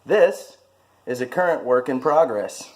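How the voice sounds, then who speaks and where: A man's voice: medium pitch, lively intonation, unhurried. A man talking casually to camera about his hobbies, rambling and self-mocking, with many fillers. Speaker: vlogger showing his hobbies.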